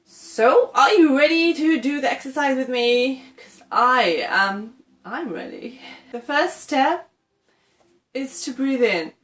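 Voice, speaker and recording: A woman's voice: sits high, lively intonation, takes it slowly, reverberant. A woman from England teaching English pronunciation in an encouraging tutorial, often checking in with "okay" and demonstrating sounds.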